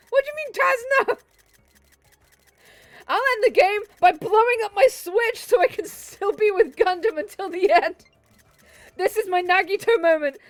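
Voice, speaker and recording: A woman streaming a game, reacting in an excitable way and swearing, laughing and exclaiming at what happens on screen. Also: very high-pitched, dry recording. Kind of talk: live gameplay commentary.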